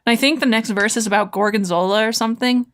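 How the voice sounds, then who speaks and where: A woman's voice: on the high side, fast talker, a bit bright. A woman streamer chatting casually with her viewers, giggling often and rambling between silly mouth sound effects.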